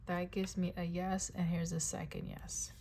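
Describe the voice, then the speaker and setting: A woman's voice: lowish voice, little pitch movement, moderate pace, gravelly, warm tone, slight background noise. A woman giving a casual tarot reading. She talks in a chatty way, repeats phrases, and keeps checking in with "right?" and "okay?". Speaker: tarot reader.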